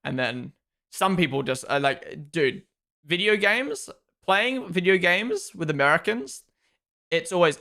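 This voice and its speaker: A man's voice: on the high side, lively intonation, slow, pushed and bright. A man in his twenties with a New Zealand accent, hosting a live stream in casual chat, reading viewer comments aloud and answering them. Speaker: livestream host.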